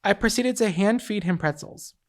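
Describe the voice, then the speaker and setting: A woman co-hosting a chatty podcast, reading submitted stories aloud and reacting with emphatic, animated commentary. Her voice sits at a medium pitch for a woman. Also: normal speed. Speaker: podcast co-host. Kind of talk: casual chat, reading listener stories aloud.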